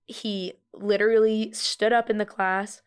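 Animated young woman telling a story. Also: mid-range voice, a little slow, clean tone. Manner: animated storyteller, self-deprecating. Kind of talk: casual chat.

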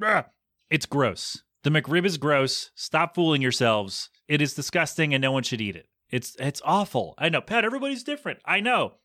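A man's voice: mid-range voice, bright, forceful tone, dry recording, studio quality. A man hosting his own podcast, rambling casually and jokingly on his own. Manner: chatty, jokey, rambling. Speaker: podcast host.

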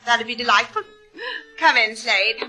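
A woman's voice: a little high, unhurried, bright, forceful tone, exaggerated voice. An actress playing a flirtatious, teasing society woman in a 1950s radio drama, drawling and playful. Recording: old radio broadcast with faint music.

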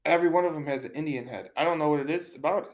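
A man's voice: fairly high pitch, rapid-fire, muffled recording. A man co-hosting a casual sports talk show, rambling and often repeating words as he restarts his sentences. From Detroit area. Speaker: podcast co-host.

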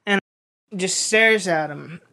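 A woman's voice: fairly low pitch, takes it slowly, gravelly, pushed and bright. A woman casually telling a funny story on a podcast, swearing and laughing along the way.

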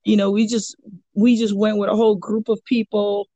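A woman's voice: medium pitch, flat delivery, normal speed, dark tone, dry recording. A woman who coaches jiu-jitsu chats casually on a podcast, rambling through stories with lots of fillers and restarts. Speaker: jiu-jitsu purple belt and kids' coach. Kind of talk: casual podcast chat, storytelling.

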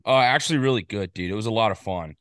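A man with a slightly low voice talks football on a casual podcast. He rambles and gets excited, stacking up quick asides. The sound is dry and close. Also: no echo. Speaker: podcast co-host. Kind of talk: casual sports chat.

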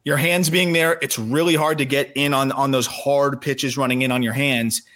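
A man co-hosting a podcast, analyzing players in casual, quick talk with frequent restarts. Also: medium pitch, steady tone, bright, forceful tone. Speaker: podcast co-host, prospect analyst.

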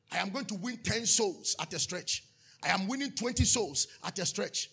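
A pastor preaches with a high, gravelly voice that has a husky edge. He bursts into shouts and then drops to hushed asides. His tone is bright and sharp throughout. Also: animated, moderate pace. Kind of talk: sermon.

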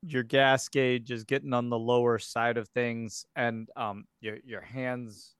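Recorded dry at studio quality, this game master has a mid-range, smooth, slightly bright voice with a level tone and measured pace. He narrates the tabletop scenes rambling along with lots of filler words.

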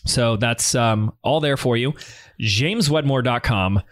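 A man hosting a business podcast in an energetic, quick, casual way. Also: mid-range voice. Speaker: podcast host. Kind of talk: casual chat.

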